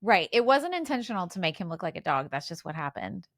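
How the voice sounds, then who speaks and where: A woman's voice: lowish voice, sing-song, quick pace, no echo, studio quality. A woman in her forties co-hosting a podcast, chatting casually and sharing trivia with lots of fillers and restarts. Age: 40s. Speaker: podcast co-host. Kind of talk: casual chat.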